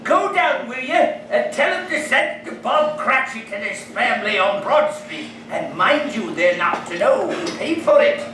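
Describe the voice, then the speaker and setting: An actor playing the old miser Scrooge, now reformed, gushing and laughing in a live staged radio play. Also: male voice, extremely high pitch, lively intonation, unhurried, hardly any pauses. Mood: jovial. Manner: breathless, gushing, laughing between phrases. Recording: echoey room, heard from far off with music.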